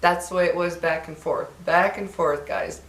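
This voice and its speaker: A woman's voice: lowish voice, steady tone, normal speed. Older woman vlogger, chatty storyteller, records in a roomy, echoey space. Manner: chatty and reminiscing, acts out quoted voices. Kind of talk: casual chat to viewers.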